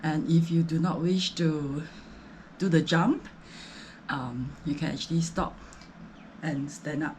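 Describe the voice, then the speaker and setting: This fitness vlogger, a Singaporean woman, takes it slowly in a low, darkish voice while chatting about her home workout. She rambles, uses plenty of fillers, and is breathless between sets, with slight background noise behind her.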